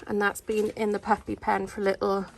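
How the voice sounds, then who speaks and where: A woman dog breeder in a casual home vlog, talking in a calm, steady, instructive way from her living room. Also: mid-range voice, fairly quick, vocal fry, a little hiss or hum.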